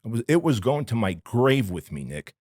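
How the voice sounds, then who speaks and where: A man's voice: mid-range voice, very animated, normal speed, a little mellow, no echo, clean studio sound. A man from Armenia, a podcast guest telling his personal story candidly, in a blunt, emphatic, slangy way. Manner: emphatic, blunt and slangy, addressing the host as dude and bro.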